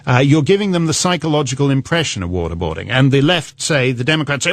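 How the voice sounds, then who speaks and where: Lively animated man on talk radio. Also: mid-range voice, quick pace, few pauses. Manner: rambling and mocking, breaks into laughter, puts on silly voices for quotes. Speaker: guest radio host. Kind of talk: comedic political commentary on talk radio.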